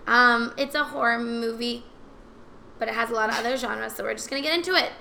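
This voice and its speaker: A woman's voice: fairly high pitch, a little fast, gravelly, sharp tone, a little hiss or hum. A young adult woman hosting a podcast in a playful, chatty, joking way. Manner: playful, jokey, loose and chatty. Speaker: podcast host. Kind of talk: casual chat.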